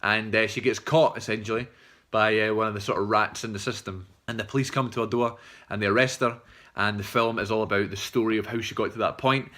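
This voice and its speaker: A young man talks through a film review off the cuff, rambling and swearing as he goes. His voice is bright and forward, and he stops often for fillers and restarts. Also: on the low side, fairly even intonation, brisk. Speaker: film reviewer, channel host. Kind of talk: casual unscripted film review.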